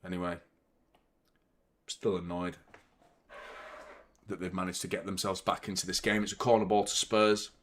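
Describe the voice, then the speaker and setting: Swearing football fan on a livestream. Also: male voice, deep voice, little pitch movement, moderate pace, pauses often. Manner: fan reacting to play, swears and shouts at the referee. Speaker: football watchalong host. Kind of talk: live match commentary and chat.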